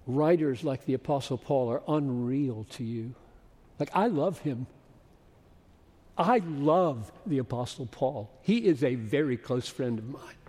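A man in his seventies preaching a sermon as a pastor, slow and emphatic, rising to loud bursts. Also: on the high side, animated. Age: 70s. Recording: long reverb of a large hall.

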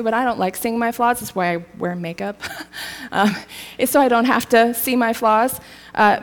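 A woman preaching a sermon in a casual, storytelling way, laughing lightly now and then. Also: a little high.

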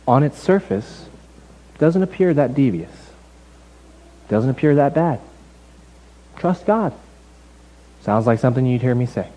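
A man preaching a sermon as pastor in a relaxed, conversational way, telling the story with lively asides. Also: mid-range voice, low-quality recording. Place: church building.

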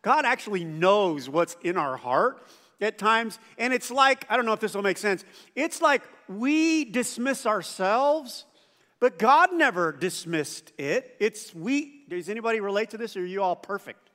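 A male pastor delivers a sermon with a high-pitched voice. He keeps it conversational, often turning to the congregation with questions and playing out quoted lines in little voices. The sound carries a long reverb from a large church hall. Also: very animated, a little slow, bright, forceful tone.

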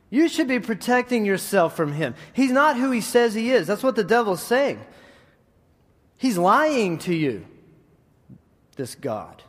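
A man preaching in a conversational, animated style with frequent restarts and asides. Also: fairly high pitch. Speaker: preacher and middle school teacher. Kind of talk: sermon. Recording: long hall reverb.

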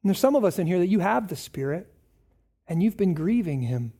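Male pastor mid-sermon, mellow voice, casual and emphatic by turns. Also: big pitch swings, fairly quick. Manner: conversational preaching, swinging from raised emphatic lines to low asides.

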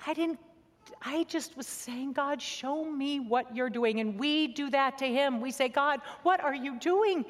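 A woman giving an earnest, conversational sermon built around a personal story, sometimes dropping to a soft near-whisper. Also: high-pitched, fairly even intonation, a little slow, big-room sound.

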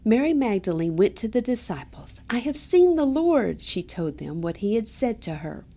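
Woman reading prayers with a lively lilt. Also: fairly high pitch, normal speed. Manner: clear, reverent reading. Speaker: prayer co-leader. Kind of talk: liturgical prayer and scripture reading.

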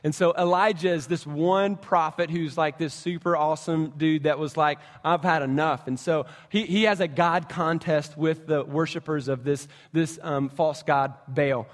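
A man preaching a sermon as a pastor, telling a scripture story in a lively way and acting out the quotes. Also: fairly high pitch, moderate pace, few pauses, in a large hall. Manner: animated storytelling, acts out quotes.

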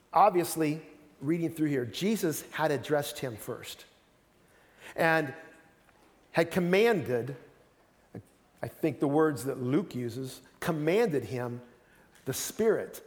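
A man's voice: fairly high pitch, long reverb tail. A man preaching a sermon as pastor, earnest, often repeating words as he starts a sentence.

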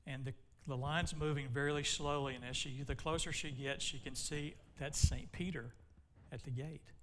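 A man's voice: a little high, steady tone, normal speed. A man preaching a sermon, telling a long joke in a folksy way and then reading scripture aloud. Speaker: pastor.

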